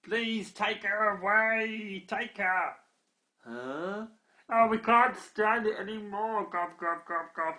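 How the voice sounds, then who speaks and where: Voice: mid-range voice, slow, sharp tone, pitched above the performer's own voice. An adult voicing a band of small, frazzled goblins in a bedtime story, pleading and grunting "gob, gob" between complaints.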